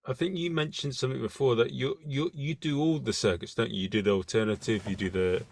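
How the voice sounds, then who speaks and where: A man's voice: mid-range voice, quick pace, creaky, no echo, clean studio sound. A man hosting a podcast interview, making thoughtful points and asking his guest questions. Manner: reflective, asks questions and makes points. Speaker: podcast host. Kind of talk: casual interview.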